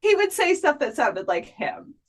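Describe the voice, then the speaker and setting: High-voiced animated woman telling a story. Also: measured pace. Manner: animated, laughing, acts out quoted dialogue. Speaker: podcast guest, afterlife researcher. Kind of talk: casual interview storytelling.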